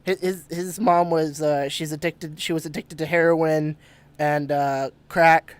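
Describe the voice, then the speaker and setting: Telling a ghost story on his podcast, a man rambles casually, swears a lot, laughs and keeps restarting sentences. His voice is a little high and smooth, with little pitch movement and an unhurried pace. There's no echo.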